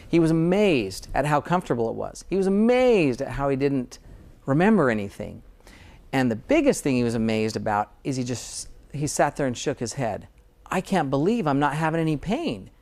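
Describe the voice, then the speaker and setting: A man's voice: fairly high pitch, darkish tone. A middle-aged American dentist in a casual interview, earnest and sometimes getting emotional about his work. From United States.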